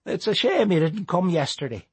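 A man's voice: high voice, sing-song, moderate pace, breathy edge, dry recording, pitched above the performer's own voice, heavily acted. Man playing a wry old postmaster. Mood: dry. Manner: unbothered, dryly polite. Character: older male postmaster, calm and wry.

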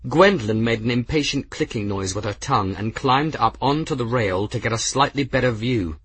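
A man reading fiction as an audiobook narrator, in a steady, measured scripted narration. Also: medium pitch, husky, dry recording.

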